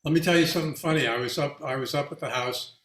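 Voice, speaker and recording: A man's voice: on the high side, a bit bright, roomy sound. A man, a featured artist, talking reflectively and casually with an audience, often restarting his sentences and laughing through his anecdotes. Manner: halting with many restarts, laughs while telling anecdotes.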